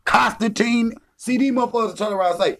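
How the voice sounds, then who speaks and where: A man's voice: extremely high pitch, a little fast, a bit bright. A man delivering a heated, profane, taunting rant as a vlogger. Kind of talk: confrontational rant.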